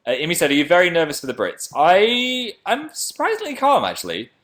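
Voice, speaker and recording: A young man with a slight northern English accent, chatting casually on a livestream and answering viewer comments in a playful way that jumps into silly high voices. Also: wildly swooping pitch, fairly quick, a bit bright.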